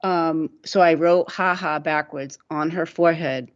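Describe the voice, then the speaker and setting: A woman's voice: low voice, fairly even intonation, measured pace. A middle-aged woman, co-hosting a radio talk show and telling stories in a rambling, casual way full of "like" fillers. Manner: rambling, laughing storyteller with many "like" fillers. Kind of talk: casual storytelling chat. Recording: dull lo-fi radio sound.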